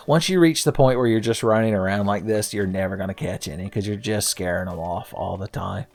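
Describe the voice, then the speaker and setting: A man in his thirties with a low voice, riffing through casual gameplay commentary. He keeps up a stream of sarcastic, profane jokes. Faint game music sits in the background. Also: fairly quick. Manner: jokey, sarcastic, profane asides. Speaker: let's play host.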